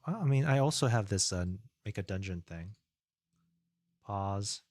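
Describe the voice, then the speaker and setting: A man streaming live as a game developer, thinking aloud in a relaxed, rambling way as he works and chats. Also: lowish voice, measured pace, no room sound. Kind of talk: casual live-coding stream.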